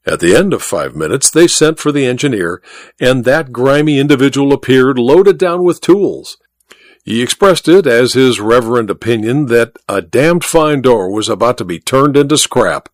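A man narrating a story as an audiobook reader, with measured, expressive storytelling on a close mic. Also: mid-range voice, no room sound. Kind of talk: scripted narration.

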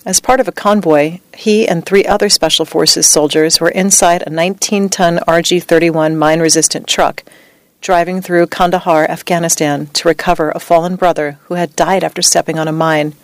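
A woman reading a true story as scripted narration, with a measured, even delivery. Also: fairly low pitch, no echo.

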